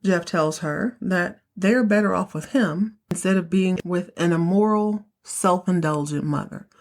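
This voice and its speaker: Female podcast host, lower register, chatty slangy recapper with strong opinions. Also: a little slow. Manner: animated, opinionated, slangy storyteller. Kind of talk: casual episode recap.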